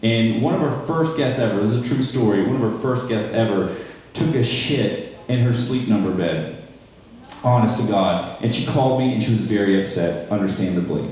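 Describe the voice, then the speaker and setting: His voice sits on the low side, darkish and at normal speed, as this young North Charleston, South Carolina native runs a stand-up set. It's a small live comedy room with a small crowd, recorded from afar with echo, and he does wry, self-deprecating crowd work.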